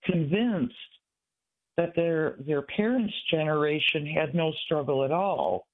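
A man in his sixties from Michigan, calling in to a radio show, talking in an earnest, halting, rambling way. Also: a little high, animated. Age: 60s. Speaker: caller. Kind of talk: call-in radio talk. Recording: tinny phone line.

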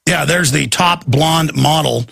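Gravelly, rambling man ranting as host. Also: fairly high pitch, unhurried, a bit bright, no echo. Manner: rambling, stammering repeats. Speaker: talk show host. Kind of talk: ranting monologue.

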